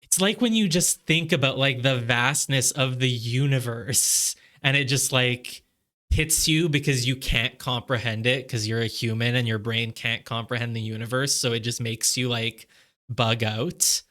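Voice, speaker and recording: Male let's-player with a mid-pitched voice, rambling and reflective, heavy on "like" fillers and soft laughs. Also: fairly even intonation, measured pace. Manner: musing aloud, heavy on "like" fillers. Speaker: gamer playing through a game. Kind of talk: casual let's-play commentary.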